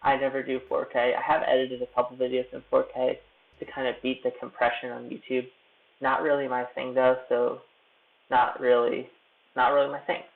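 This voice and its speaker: Here's a gravelly mid-range voice, monotone and moderately paced, belonging to a young man streaming live from a hotel room. As a YouTube creator editing on camera, he rambles casually with self-deprecating humor, and the recording has a tinny, phone-quality feel.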